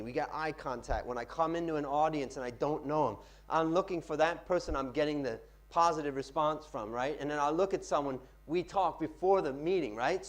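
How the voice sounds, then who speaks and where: Animated man presenting to a room. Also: fairly high pitch. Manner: animated, varies loudness and pace for effect. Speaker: workshop speaker on pitching. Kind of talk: live presentation to an audience. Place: seminar room with audience.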